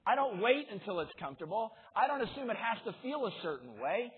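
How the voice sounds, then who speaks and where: On a tinny, lo-fi speaker demo reel with slight background noise, a man delivers a motivational keynote speech, joking with the audience and leading them through exercises. His voice is high, sing-song and brisk.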